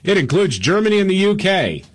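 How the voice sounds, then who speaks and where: A man's voice: sits high, sing-song, fairly quick. A man co-hosting a radio talk show, reading news items with dry asides and frequent "uh"s. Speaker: radio co-host. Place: radio studio.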